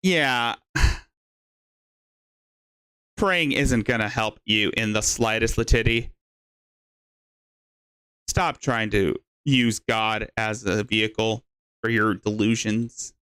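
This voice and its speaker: A man's voice: on the low side, slow pace, long pauses, sharp tone, clean tone, no room sound. A man hosting a show, giving scornful, lecturing commentary on a clip. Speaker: host.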